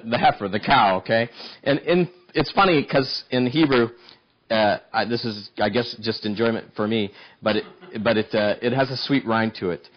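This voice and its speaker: A man preaching a sermon, telling a story in an animated way and often repeating words as he restarts. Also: medium pitch, normal speed, muffled recording.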